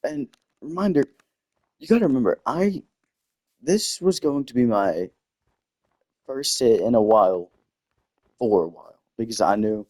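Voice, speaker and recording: A young man with a low voice tells a story in a casual, rambling way while he plays a game. He keeps stopping mid-thought to comment on the game, then picks the story back up. His desk mic gives a close, dry sound. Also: mellow, no echo. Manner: rambling, self-interrupting with game asides. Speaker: gaming storyteller. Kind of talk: casual storytelling over gameplay. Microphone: desktop microphone.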